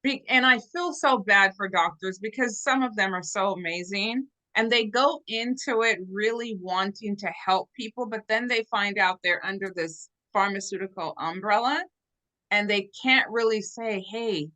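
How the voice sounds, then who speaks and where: A woman guest telling her story in an animated, earnest way over a video call. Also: mid-range voice, moderate pace, poor audio. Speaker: interview guest. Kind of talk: casual storytelling.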